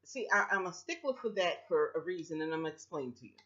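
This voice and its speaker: Emphatic woman pitching on a webcam. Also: animated, quick pace, fairly bright tone. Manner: emphatic and repetitive, speaks straight to viewers. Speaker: vlogger pitching a home business. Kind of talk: casual persuasive talk to camera. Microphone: built-in webcam mic. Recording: dull lo-fi webcam audio.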